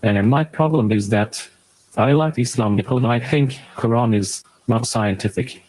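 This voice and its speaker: A man's voice: medium pitch, measured pace, darkish tone, slightly rough, low-quality recording. Man through a robotic voice changer. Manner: hesitant, apologetic. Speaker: caller. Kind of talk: casual debate call.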